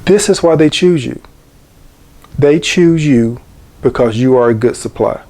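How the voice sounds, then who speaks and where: Middle-aged man, host monologue, preachy and repetitive, warm dark tone. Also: medium pitch, a little slow. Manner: preachy, repeats key phrases. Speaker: channel host. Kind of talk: monologue to camera.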